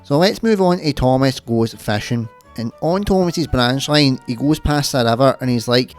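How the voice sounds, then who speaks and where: A man's voice: mid-range voice, normal speed, hardly any pauses, a little mellow, clean tone, faint music behind. A man with a Scottish accent retelling children's stories in a sweary, sarcastic comic style. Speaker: comic storyteller.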